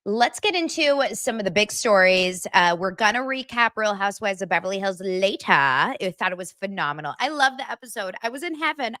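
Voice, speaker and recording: A woman hosts a casual gossip podcast, animated and teasing, exaggerating for laughs. Her voice is bright and forceful and rises and falls a lot. The sound is dry and close. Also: medium pitch, a little fast, hardly any pauses, no echo. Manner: animated, jokey self-mocking exaggeration. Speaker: podcast host.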